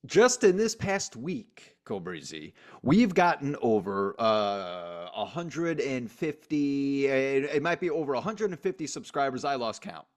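A man's voice: medium pitch, big pitch swings, measured pace, few pauses. A man co-hosting a casual sports podcast, joking and emphatic. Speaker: podcast co-host.

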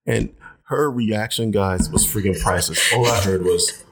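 A young man with a fairly low speaking voice tells a personal story straight to his viewers in relaxed, chatty storytelling. He gets animated, and his pitch leaps up whenever he acts out his own shocked reactions. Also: fast talker, breathy edge. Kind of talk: casual storytelling to camera.

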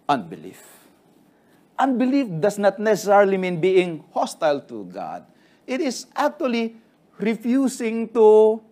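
A man's voice: sits high, a little mellow. A man preaching a sermon to his congregation, telling the stories in an earnest way and acting out the quotes. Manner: storytelling with acted quotes, earnest.

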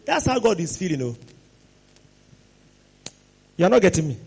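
Male preacher, high-pitched, animated, with exclamations and sudden shouts. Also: measured pace, vocal fry, breathy edge. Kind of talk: sermon.

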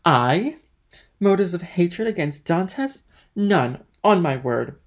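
Male reader as a smooth schemer, calm and calculating, storybook reading. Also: medium pitch, normal speed, lightly acted. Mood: feigned innocence.

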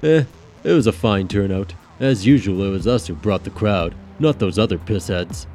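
A man's voice: on the low side, normal speed, a little mellow, soft background music, pitched above the performer's own voice, close to an everyday voice. Man doing a grumbling, irritable drummer. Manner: irritable, ranting. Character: stressed, grumbling young male drummer.

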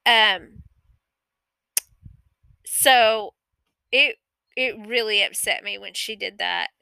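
A woman with a fairly high, bright, forceful voice tells a true story from her own life in a loose, conversational way. She rambles, doubles back to fix her own details, and swears without holding back. The sound is close and dry, with no room around it. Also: takes it slowly, vocal fry, smooth, no echo, low-quality recording. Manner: rambling, self-correcting, candid with swearing. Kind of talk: casual personal storytelling.

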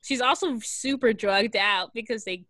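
A woman casually recapping a film plot in a chatty, rambling way, full of fillers and quick giggles. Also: a little high, a bit bright, no room sound. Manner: rambling, giggly retelling with many fillers and acted quotes. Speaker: podcast co-host recapping a film. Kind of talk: casual chat.

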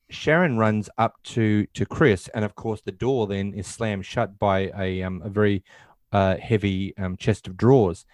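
A man's voice: lowish voice, no echo, studio quality. A man casually recapping a film scene by scene, rambling and acting out quotes in passing. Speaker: podcast host.

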